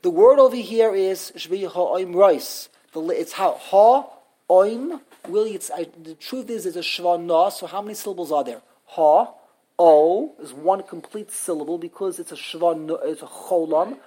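A woman's voice: fairly low pitch, normal speed, mellow, breathy edge. A woman teaching an interactive scripture grammar class, emphatic, often restarting and repeating words. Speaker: religious studies teacher.

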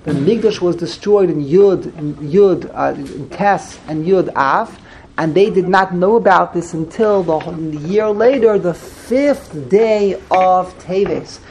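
Brief: high-pitched, gravelly male teacher, patient verse-by-verse class with repeated explanations. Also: darkish tone, slight background noise, rough recording. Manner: explains slowly, repeats phrases, translates each term. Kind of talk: verse-by-verse text study.

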